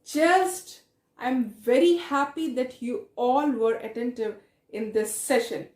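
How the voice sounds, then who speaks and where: A woman teacher with a South Asian English accent leads a reading lesson. Her voice is high and her pace slow and unhurried. She repeats her questions and praises answers often, and the sound rings around an echoey room. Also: a little mellow, slight background noise.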